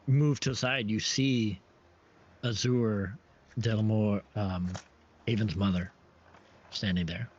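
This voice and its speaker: A man narrating as game master for a tabletop game, halting and full of restarts. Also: fairly low pitch, steady tone, slight background noise. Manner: halting, many restarts and fillers. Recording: dull lo-fi stream audio.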